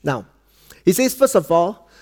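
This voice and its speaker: A middle-aged man from Malaysia with a Malaysian English accent, preaching a sermon and telling a family story, dropping soft and low for quoted lines and cracking dad jokes. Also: big pitch swings, unhurried.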